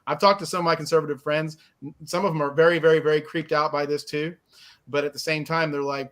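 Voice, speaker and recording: A man's voice: fairly high pitch, steady tone, fast, a bit bright. A man who serves as a state representative, speaking in a hesitant way with frequent restarts on a video call. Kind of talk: casual political discussion.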